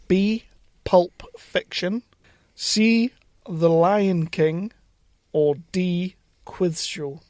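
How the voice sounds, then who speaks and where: A man's voice: a little high, darkish tone, dry recording, studio quality. A man co-hosting a casual podcast, reading quiz questions aloud and teasing his co-host with plenty of swearing. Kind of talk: casual chat. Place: small home studio shed.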